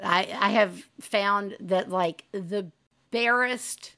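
A woman's voice: mid-range voice, extremely slow, bright, forceful tone. A woman hosting a podcast in casual chat, talking candidly and animatedly and swearing freely. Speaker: podcast host.

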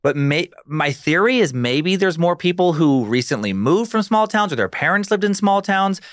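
A man's voice: high voice, moderate pace, dry recording, clean studio sound. A man from Idaho, a podcast guest in casual chat, telling stories and acting out quoted lines. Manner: animated storyteller who acts out quotes.

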